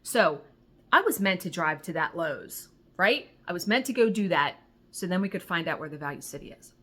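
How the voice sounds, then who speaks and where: Middle-aged woman vlogger, bright voice, lively storyteller, acts out dialogue, casual swearing. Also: lowish voice, normal speed. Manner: animated, retells conversations, swears when excited. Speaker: crafting vlogger.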